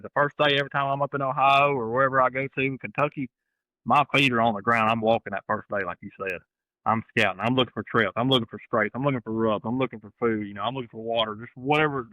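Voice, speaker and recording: A man's voice: medium pitch, bright, forceful tone, no echo, low-quality recording. A man with an Alabama accent, a hunting guest talking plainly and repeating himself in a casual interview. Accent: Southern American, Alabama. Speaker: guest hunter.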